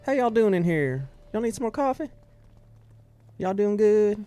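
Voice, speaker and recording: A man putting on a high, folksy West Texas drawl as a hospitable innkeeper. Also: sing-song, a little slow, dark tone, dry recording, soft background music. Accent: West Texas drawl, put on.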